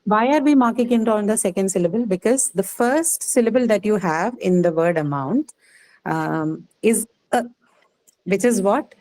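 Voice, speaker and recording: A woman teaching word stress to a class, repeating each word slowly and quizzing her students patiently. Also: mid-range voice, darkish tone, rough recording. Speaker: English teacher.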